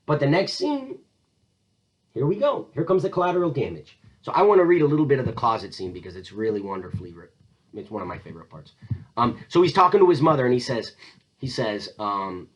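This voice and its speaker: A man's voice: fairly high pitch, fairly quick, slightly rough, poor audio. A man giving a casual literature lecture, explaining scenes and acting out quoted lines in shifting voices. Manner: animated, acts out quoted lines in changing voices. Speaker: teacher.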